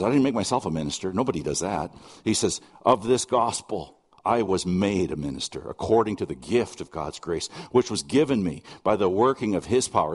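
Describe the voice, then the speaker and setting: A man's voice: fairly low pitch, slightly rough, big-room sound. A middle-aged man preaching a sermon, earnest and conversational, mixing scripture with personal stories and asides. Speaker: pastor.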